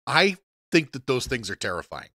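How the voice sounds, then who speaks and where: A man co-hosting a podcast in casual chat, rambling and profane with many halting restarts. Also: mid-range voice, very animated, bright, forceful tone, no room sound, clean studio sound. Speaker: podcast co-host.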